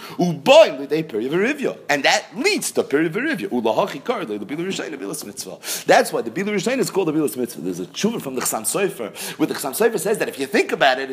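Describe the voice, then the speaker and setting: A man teaching a Talmud class, explaining texts in English sprinkled with Hebrew and Yiddish terms. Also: fairly high pitch. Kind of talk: Talmud lecture.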